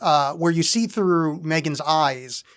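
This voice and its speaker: A man's voice: a little high, slow, a bit bright. A man co-hosting a podcast, talking in an offhand, wry way with plenty of swearing. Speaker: podcast co-host. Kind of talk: casual chat.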